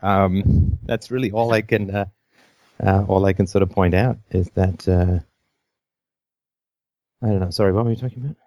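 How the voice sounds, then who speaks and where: A man hosts a call-in show in a fairly low voice, sounding tired and burnt out. He jokes at his own expense and rambles, restarting his sentences. The sound is dry and close to the mic. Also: steady tone, moderate pace, long pauses, mellow, no room sound. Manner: self-deprecating, joking, rambling with restarts. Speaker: host. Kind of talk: casual call-in show chat.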